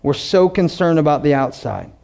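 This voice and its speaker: A pastor preaching a sermon, animated, slowing down to read scripture and acting out quotes. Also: male voice, fairly high pitch, creaky. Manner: animated preaching, reads scripture slowly, acts out voices.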